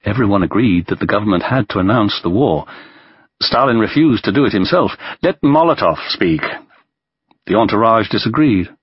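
A man reading a history audiobook in a measured, scripted narration style, lifting his voice slightly whenever he quotes someone. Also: fairly low pitch, slightly rough, no echo, dull audio.

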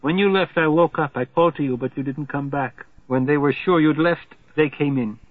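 A man's voice: a little high, moderate pace, no echo, pitched above the performer's own voice, close to an everyday voice. A man reading aloud, voicing a frightened, fragile woman who pleads in distress, in a tinny, phone-like recording. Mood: distraught. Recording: tinny phone-like sound, dry.

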